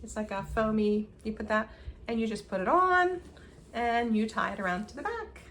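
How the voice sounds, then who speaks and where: A woman co-hosting a casual stitching chat, telling stories with lively acted-out quotes. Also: a little high, normal speed, a little hiss or hum. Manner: animated storyteller, acts out quotes. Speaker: flosstube co-host.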